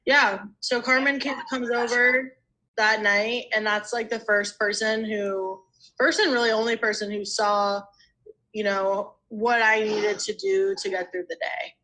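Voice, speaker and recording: A woman's voice: mid-range voice, fairly even intonation, a little slow, bright, forceful tone, poor audio. A young adult woman, a podcast guest, telling her personal recovery story in a rambling, casual way, full of "you know" and "like".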